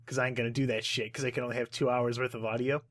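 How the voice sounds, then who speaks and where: A man's voice: mid-range voice, flat delivery, very fast, fairly bright tone, dry recording, studio quality. A young man hosting a podcast in casual chat, rambling and swearing freely. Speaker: podcast host.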